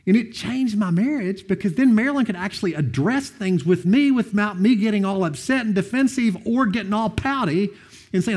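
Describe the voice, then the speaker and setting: A middle-aged man preaching with a lively, rising and falling voice. His tone is slightly husky, and he moves easily between earnest teaching and relaxed storytelling from his own life. The pitch sits a little high for a man. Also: normal speed. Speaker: pastor. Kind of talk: sermon.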